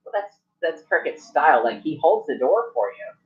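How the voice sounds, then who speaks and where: A man's voice: a little high, big pitch swings, normal speed. A man running a tabletop game as game master, narrating in a rambling way. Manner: rambling, many restarts and fillers. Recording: muffled lo-fi recording.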